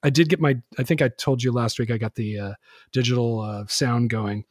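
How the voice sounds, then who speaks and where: Here a man hosts a podcast, chatting loosely and padding his talk with fillers. He speaks briskly in a steady, mid-range voice, and the studio sound is clean with no echo.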